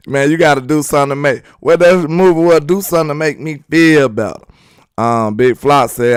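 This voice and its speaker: A man's voice: on the high side, normal speed, smooth, no room sound, studio quality. A young man from Alabama with a Southern US accent, hosting live sports talk in a loose, joking, slangy way while reading viewer chat.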